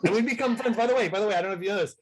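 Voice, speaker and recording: A man's voice: sits high, very fast, slightly rough, low-quality recording. Rambling upbeat man on a video call. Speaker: guest entertainer. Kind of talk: casual chat on a video call.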